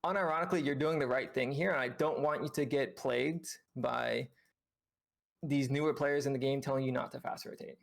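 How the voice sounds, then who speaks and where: A man's voice: medium pitch, fairly even intonation, brisk, vocal fry. A man coaching a player through gameplay footage on a live stream, patiently explaining with lots of fillers. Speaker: game coach. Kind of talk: reviewing gameplay with a student on stream.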